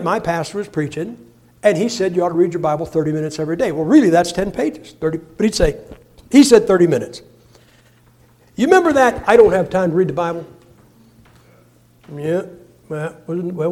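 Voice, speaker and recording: A man, preaching a folksy, humorous sermon with sudden loud bursts. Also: high-pitched.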